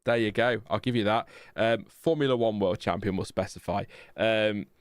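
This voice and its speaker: A man's voice: fairly low pitch, moderate pace, smooth, dry recording, studio quality. A man hosting a live stream, reading out chat messages in a rambling, self-mocking way with many fillers. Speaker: podcast host reading chat.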